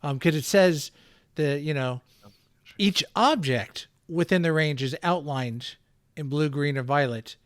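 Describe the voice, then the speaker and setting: A man's voice: a little high, unhurried, no echo, clean studio sound. Man patiently explaining game rules. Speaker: player. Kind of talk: casual tabletop game chat.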